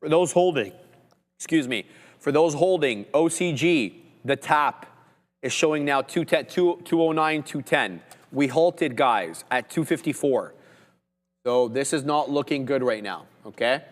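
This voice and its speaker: A man's voice: mid-range voice, lively intonation, big-room sound. Man calling live stock prices. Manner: rapid price calls, banter with co-host. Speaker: trading livestream host. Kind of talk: live market commentary.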